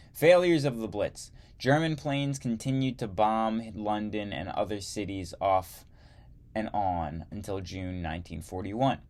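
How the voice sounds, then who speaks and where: Man reading a history lesson, low voice, very slow, dry asides. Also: a little mellow. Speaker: history teacher. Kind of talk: reading a history textbook aloud.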